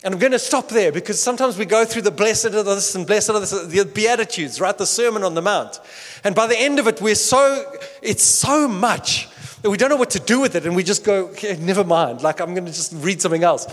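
Animated high-voiced preacher in a hall. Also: male voice, a little fast. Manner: animated, acts out quoted voices with bursts of shouting and laughter. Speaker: pastor. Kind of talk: sermon.

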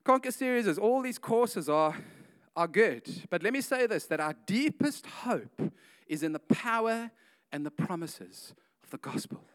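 A man's voice: sits high, animated, a little slow, a bit bright. A man preaching a casual sermon, retelling a story with slangy asides like "man" and "guys".

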